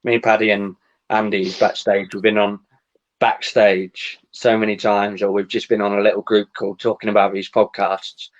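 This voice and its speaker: A man's voice: on the low side, level tone, normal speed. Easygoing male host, slightly muffled. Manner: easygoing, steers the chat with questions. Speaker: podcast host. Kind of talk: casual podcast chat.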